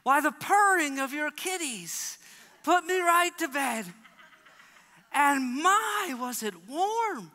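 A man's voice: extremely high pitch, lively intonation, slow, bright, forceful tone, pitched above the performer's own voice, full character voice. A man acting out a cheerful, cocky prophet boasting about a great night's sleep during a sermon. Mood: gleeful. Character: cheerful, cocky ancient prophet, well rested. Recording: long church hall reverb.

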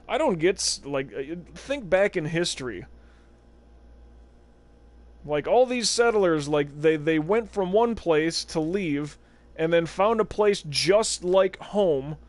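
A man's voice: a little high, lively intonation, takes it slowly, no echo. A young man streaming a basketball video game, rambling in casual, sarcastic, profane commentary. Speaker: gaming livestreamer. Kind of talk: casual let's-play commentary.

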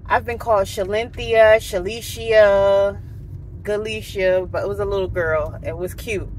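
A woman's voice: mid-range voice, brisk, slight background noise. Chatty woman vlogger telling a story. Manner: chatty, animated, says "right?" and "um" often. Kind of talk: casual storytelling to camera.

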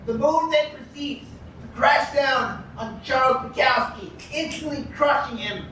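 A man performing a comic spoken-word poem in a deadpan storytelling way at an indoor event. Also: very high-pitched, unhurried, few pauses, a little hiss or hum. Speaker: poet. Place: indoor food shop event. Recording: echoey room from far off.

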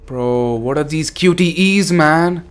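Brief: young male gaming streamer, slightly high voice, excitable, swears a lot. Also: takes it slowly, clear, resonant tone. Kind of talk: horror game commentary.

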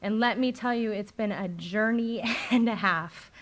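A woman's voice: mid-range voice, unhurried. A middle-aged woman speaking at a recovery meeting, telling her personal story candidly and conversationally, with frequent ums and likes. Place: meeting room, live talk recording.

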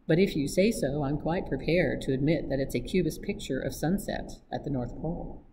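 A woman's voice: sits low, fairly quick, natural voice. A woman voicing a breezy, mocking young Englishman with a teasing, flippant manner, over a noisy recording.

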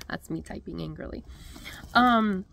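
Gravelly-voiced woman telling a story. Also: mid-range voice, moderate pace, fairly bright tone. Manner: chatty, exasperated storytelling; many fillers like "like" and "um". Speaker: crafting vlogger. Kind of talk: storytime vlog.

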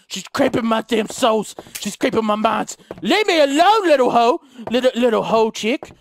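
A man's voice: extremely high pitch, expressive, moderate pace, vocal fry, no room sound. A man commentating a horror game, panicky and joking, yelping and screaming when scared. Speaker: let's play gamer.

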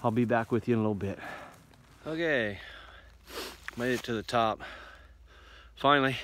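A man's voice: mid-range voice, fairly even intonation, fast talker, a bit bright, a little hiss or hum, low-quality recording. A man with an Indiana accent talking casually to his phone camera outdoors in the winter woods. He rambles in an easygoing, folksy way and is a little out of breath from hiking uphill. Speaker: bushcraft vlogger. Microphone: phone held in hand.

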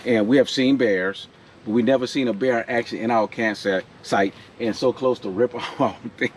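A man, excitedly telling a camping story outdoors in a casual vlog. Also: medium pitch, normal speed, slight background noise. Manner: excited, animated retelling with frequent laughs. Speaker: vlogger. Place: outdoor campsite.

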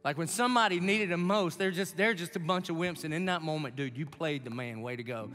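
A man's voice: fairly high pitch, fairly quick, fairly bright tone, in a large hall, soft background music. A pastor in his forties preaching a conversational, emotional sermon, telling a family story and building to passionate exhortation.

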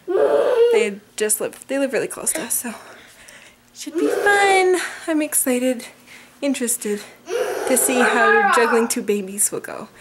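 Bubbly young mom rambling to the camera, high voice, lots of giggles, noisy camera audio. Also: female voice. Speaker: family vlogger and mother. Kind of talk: casual family vlog chat.

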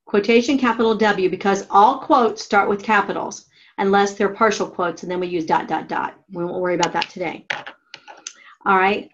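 A woman teaching a writing class, giving slow, methodical step-by-step instructions on punctuation. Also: mid-range voice, highs cut off. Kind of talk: classroom grammar lesson.

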